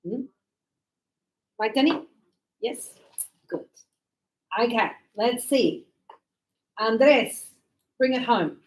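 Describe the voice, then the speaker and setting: A woman teaching an English grammar lesson to a class, speaking slowly and deliberately and sounding out words for her students. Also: fairly high pitch, expressive. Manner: slow, deliberate, models pronunciation.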